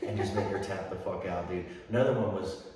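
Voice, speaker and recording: A man hosting a podcast, crude and teasing, quick to laugh. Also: deep voice, darkish tone. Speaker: podcast host. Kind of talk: casual chat. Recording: echoey hall, mic at a distance, faint hiss.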